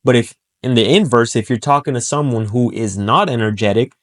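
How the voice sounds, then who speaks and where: A man's voice: mid-range voice, fairly quick. A man giving a motivational monologue about persuasion, blunt and profane, hammering his points home by repeating them. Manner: blunt and profane, acts out short quoted voices; emphatic, repeats key points. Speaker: self-improvement speaker.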